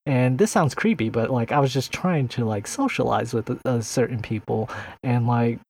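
A man's voice: medium pitch, moderate pace, a little mellow, breathy edge. Casting: man, podcast co-host, rambling, filler-heavy storytelling. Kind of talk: casual podcast chat.

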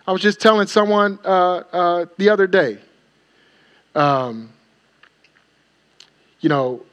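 Emphatic pastor preaching, slightly high voice. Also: male voice, lively intonation, slow pace, a bit bright. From Wisconsin. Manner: emphatic, repeating phrases for effect. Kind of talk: sermon.

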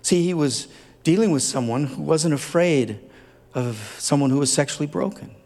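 A man's voice: a little high, expressive, normal speed, darkish tone. A man preaching a sermon as a pastor, speaking earnestly and tenderly, building at times to fervent emphasis. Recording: long hall reverb.

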